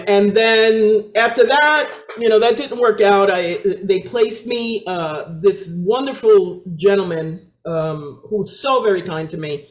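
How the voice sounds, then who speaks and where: A woman with a New York accent, a guest on an interview show, telling her story with energy, acting out other people's voices and laughing often. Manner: acts out quoted voices with big pitch jumps, laughs often. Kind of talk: animated storytelling. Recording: echoey, dull lo-fi sound.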